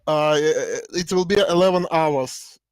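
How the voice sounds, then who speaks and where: A man chatting casually on a comedy stream, halting with many fillers and telling deadpan jokes. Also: a little high, clear, resonant tone, dry recording. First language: Russian. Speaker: co-host. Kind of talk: casual chat.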